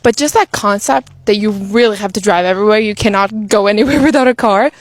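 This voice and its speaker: A woman's voice: medium pitch, quick pace, no echo. A woman from Europe, an exchange student, talking casually to camera and going through her points one by one. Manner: methodical, lists points.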